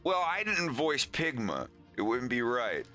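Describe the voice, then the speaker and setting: Lively, bright-voiced male streamer. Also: medium pitch, measured pace, soft background music. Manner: chatty, laughs often, rambling restarts. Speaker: animator and show host. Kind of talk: casual livestream chat.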